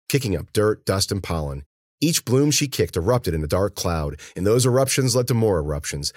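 A man with a very deep voice reads a tense, dramatic audiobook, swinging his pitch widely. The recording is dry and close to the mic. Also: no room sound. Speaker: narrator. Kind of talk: audiobook narration.

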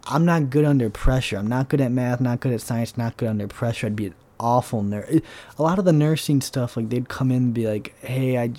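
Young male podcast host, warm low-key tone, profane and sarcastic rambler. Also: fairly quick. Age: young adult. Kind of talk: casual solo monologue.

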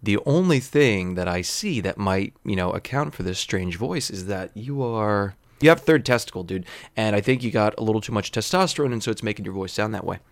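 A man's voice: fairly low pitch, animated, brisk, hardly any pauses, no echo. A man voicing a blunt, matter-of-fact doctor who talks casually and swears offhandedly.

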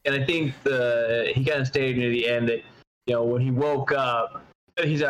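Animated, laughing podcast man. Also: medium pitch, normal speed, rough recording. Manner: animated storyteller, swears freely, laughs often. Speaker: podcast co-host. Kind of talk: casual chat.

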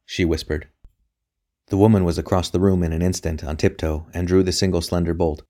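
A man narrating a novel as an audiobook reader, in a steady, even delivery. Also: deep voice, a little fast. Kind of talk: scripted narration.

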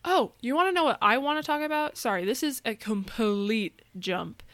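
Brief: excitable American woman co-host, slightly high, dry close sound. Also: moderate pace, no echo. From United States. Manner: excitable, jumps topics, swears casually. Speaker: podcast co-host. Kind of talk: casual chat.

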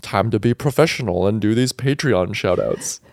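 A man co-hosting a podcast in casual chat, laid-back and quick to laugh. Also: on the low side, expressive, darkish tone, dry recording, studio quality. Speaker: podcast co-host.

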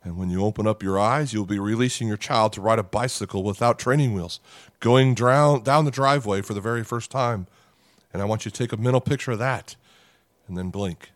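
A man's voice: lowish voice, no room sound. Earnest man preaching a sermon. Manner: earnest, dramatic pauses, slows for emphasis. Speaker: pastor.

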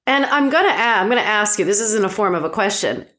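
A woman's voice: medium pitch, animated, quick pace, fairly bright tone. A woman interviewing her guest in an affirming, conversational way. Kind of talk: casual interview chat.

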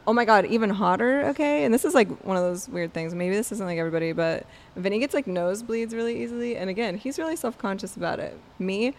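A woman's voice: mid-range voice, fast talker. Frank, gushing young woman co-host. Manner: frank, gushing storytelling with many fillers. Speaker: podcast co-host. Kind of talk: casual chat.

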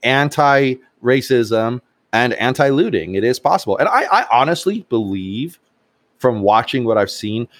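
A man's voice: medium pitch, lively intonation, a little slow, no echo. Give me a blunt, conversational male podcast host. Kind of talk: casual podcast discussion.

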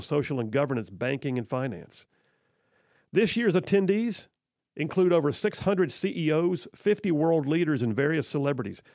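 A man hosts talk radio from a studio, delivering opinionated commentary in a casual, sarcastic way full of "I mean" asides. His voice has a gravelly edge, and the sound is close and dry with no room echo. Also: on the high side, darkish tone. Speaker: radio talk show host. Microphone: studio microphone.

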